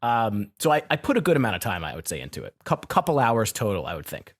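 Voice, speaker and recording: A man's voice: lowish voice, very animated, quick pace. A man co-hosting a casual podcast, talking in a rambling, self-correcting and good-natured way. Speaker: podcast co-host.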